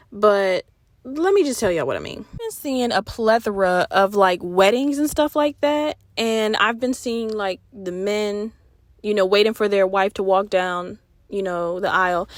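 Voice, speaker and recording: A young woman hosting a solo podcast, talking in a candid, profane, animated way. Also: mid-range voice, dry recording, clean studio sound. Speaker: podcast host.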